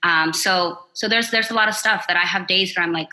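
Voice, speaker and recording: Bright-voiced woman, open and heartfelt. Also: lowish voice, fairly quick, poor audio. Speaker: podcast guest. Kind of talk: casual interview chat.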